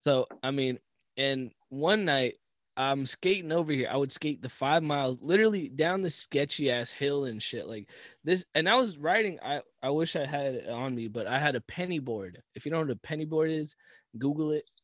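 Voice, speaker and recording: A man hosts a casual podcast and tells stories in a somewhat high voice, swearing freely and laughing as he goes. The sound is dry and close, with no room around it. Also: normal speed, dry recording. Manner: animated, profane, laughing storyteller. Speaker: podcast host. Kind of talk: casual storytelling chat.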